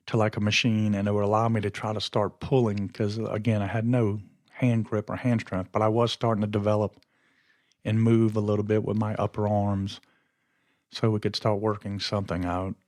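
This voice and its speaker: This podcast host has a low, slightly mellow voice, recorded in clean studio sound without echo. He tells a story in a casual, rambling monologue, frequently losing track of his thoughts.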